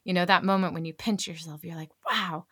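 A low-pitched American woman from California talks fast and brightly as a podcast guest, full of restarts and little laughs. Her voice is recorded close and dry, with no room sound. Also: dry recording. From California, USA. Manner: quick, animated talker with frequent restarts and laughs. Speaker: guest, actor and voiceover artist. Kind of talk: casual podcast chat.

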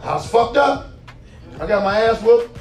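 A man in his forties telling a profane stand-up story, animated and laughing as he goes. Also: sits high, normal speed. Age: 40s. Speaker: stand-up comedian. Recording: roomy hall, distant mic, faint music.

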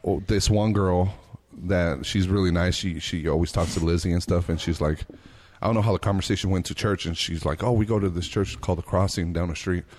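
A man's voice: low-pitched, steady tone, a little fast, darkish tone. A man chatting casually with friends on a podcast, joking, swearing and laughing often. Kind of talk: casual chat among friends.

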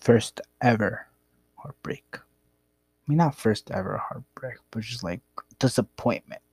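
A man's voice: medium pitch, unhurried, creaky, a little mellow, slightly rough, no echo. A young man casually telling a rambling, profane story about his past. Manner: rambling, profane, laid-back.

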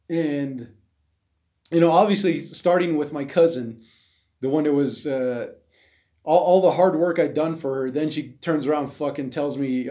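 A man's voice: a little high, normal speed, dark tone. A man hosting a podcast, delivering a bitter, profane monologue that rambles with many fillers. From Navajo Nation. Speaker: podcast host and veteran. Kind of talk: angry monologue.

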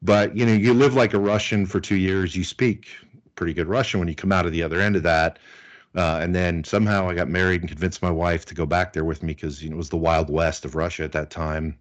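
A man's voice: low-pitched, fairly even intonation, fairly quick. A middle-aged American man, a guest in an interview, telling stories casually with lots of fillers. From United States. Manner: chatty, anecdotal, many fillers.

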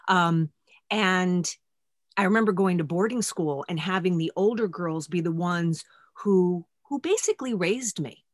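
A woman's voice: on the low side, no room sound, studio quality. Candid, self-deprecating woman podcast host. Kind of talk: podcast conversation.

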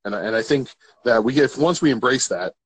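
A man hosting a casual chat, relaxed and amused, using "like" often as he talks. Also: mid-range voice, a little fast, husky. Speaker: host.

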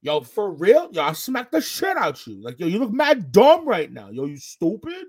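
A tough, streetwise young woman, as a man puts her on, scolding someone with a husky edge. The voice jumps up and down with attitude. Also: sits high, huge pitch swings, moderate pace, exaggerated voice.

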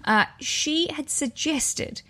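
A woman's voice: sits high, slow, pushed and bright. A young woman hosting a podcast in a casual, chatty way, enthusiastic and full of playful self-correcting asides. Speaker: podcast host.

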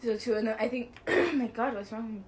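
A woman's voice: fairly high pitch, animated, fast talker, slight background noise. A young woman co-hosting a podcast, chatting casually in a giggly, rambling way and apologizing often. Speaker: podcast co-host. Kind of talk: casual chat.

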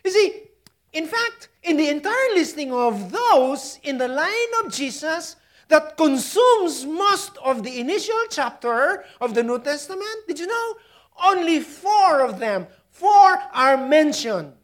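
A woman with a Filipino accent delivers a sermon in a high, animated voice that climbs and falls widely. She speaks slowly and deliberately, pushing some words out loudly and letting others sink to a hush. Now and then she laughs softly at her own jokes. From Philippines. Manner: dramatic swings from loud emphasis to hushed near-whispers; chuckles at her own asides. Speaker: preacher.

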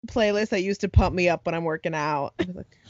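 A woman's voice: lowish voice, a little fast, dry recording. Goofy young woman in dry sound. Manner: goofy, sidetracking, playful. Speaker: co-host. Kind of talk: casual chat. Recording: dry, slightly muffled audio.

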